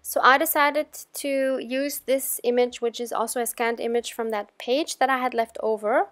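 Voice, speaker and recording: Chatty woman with a higher, dry voice. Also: moderate pace, no echo. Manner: chatty and relaxed, with gentle laughs. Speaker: crafting channel host. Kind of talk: casual tutorial voice-over.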